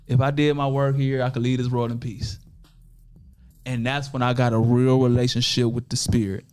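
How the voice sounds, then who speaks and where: A man's voice: mid-range voice, normal speed, smooth, soft background music. A man from Toledo, Ohio, a podcast guest, telling a story in casual, profane street slang and acting out other people's lines. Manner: animated, acts out other people's voices in quotes.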